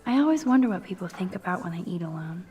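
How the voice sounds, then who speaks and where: A woman's voice: fairly low pitch, lively intonation, fast talker, dark tone, muffled recording, soft background music, close to an everyday voice. A woman voicing a teenage girl, a small-town senior student in a video game, thinking aloud in wry asides. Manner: wry inner commentary, sometimes whispered.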